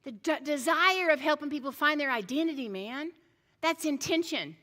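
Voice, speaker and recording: A woman's voice: sits high, normal speed, pushed and bright, long reverb tail. A middle-aged woman pastor preaching a sermon, telling stories in a chatty way, with restarts and joking asides.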